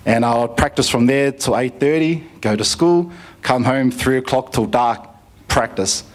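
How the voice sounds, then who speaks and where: A man tells his own life story to a conference audience. His delivery is easygoing and full of fillers and restarts, at a mid-range pitch for a man. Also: normal speed. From New Zealand. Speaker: conference speaker giving a testimony. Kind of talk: personal testimony story.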